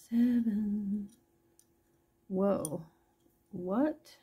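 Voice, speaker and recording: Slow, with long pauses, a woman shows her jewelry one piece at a time on a casual live sales chat, pricing each aloud as she talks to viewers. She's chatty, with a gravelly, husky, warm mid-range voice and slight background noise.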